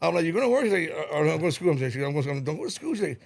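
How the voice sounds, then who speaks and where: Fast-talking gravelly man, rambling. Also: a little high, expressive. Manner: rambling, repeats words, swears, laughs. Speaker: podcast guest. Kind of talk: casual podcast chat.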